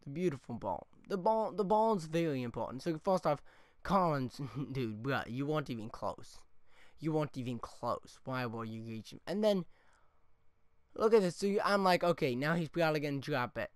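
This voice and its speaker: A man with a slightly high voice rants over football game footage, cursing constantly and checking in with "okay?" after each point. His voice is smooth and clear and sits close and dry on the mic. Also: lively intonation, moderate pace, dry recording. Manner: profane, ranting, keeps tagging "okay?". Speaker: gaming YouTuber. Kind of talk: angry gameplay rant commentary.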